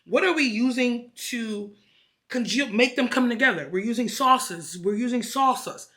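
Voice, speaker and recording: A woman vlogger telling a story in an animated, profane, emphatic rant. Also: a little high, moderate pace. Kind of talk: casual ranting vlog.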